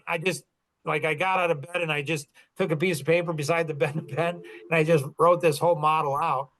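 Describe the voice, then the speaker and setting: A man's voice: a little high, a bit bright, no echo, poor audio. A middle-aged man coaching in a casual chat, rambling through stories with many fillers and restarts. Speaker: business coach and podcast host.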